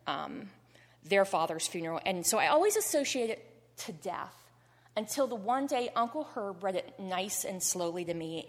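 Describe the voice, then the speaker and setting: A middle-aged woman speaks to a congregation, earnest and heartfelt, sometimes on the edge of tears. Her voice sits in a middle register and carries a long reverb from the church sanctuary. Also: mid-range voice. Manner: heartfelt, earnest, gets choked up. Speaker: cancer survivor giving testimony. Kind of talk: personal testimony in church.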